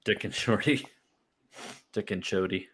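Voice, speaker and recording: A man's voice: fairly low pitch, slow, fairly bright tone, husky. A young man telling stories in a rambling way, full of fillers and laughs, as a podcast host. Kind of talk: casual chat.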